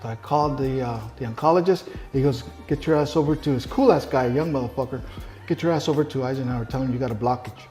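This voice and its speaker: A man's voice: medium pitch, fast talker, a little mellow, soft background music. A middle-aged man telling his story in a casual interview, blunt and heavy on swearing, acting out the people he quotes. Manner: profane, blunt storyteller who acts out quoted dialogue.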